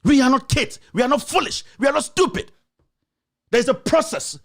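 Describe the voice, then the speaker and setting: A man's voice: very high-pitched, expressive, normal speed, a bit bright. A man with a Ghanaian accent hosting a show, delivering impassioned political commentary full of rhetorical questions and confrontation. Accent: Ghanaian English. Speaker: host.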